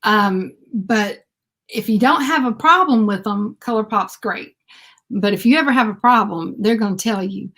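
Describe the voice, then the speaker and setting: A woman's voice: medium pitch, normal speed, fairly bright tone. A woman, chatting casually on a livestream with lots of fillers and laughs. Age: 50s. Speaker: beauty vlogger.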